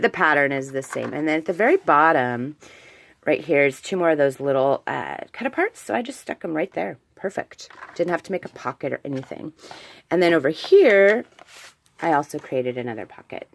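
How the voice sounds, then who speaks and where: Low-pitched woman host, chatty gushing craft show-and-tell, home table. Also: a little hiss or hum. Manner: chatty and gushing, with fillers and self-corrections. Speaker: crafter showing a handmade album. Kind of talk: casual show-and-tell vlog.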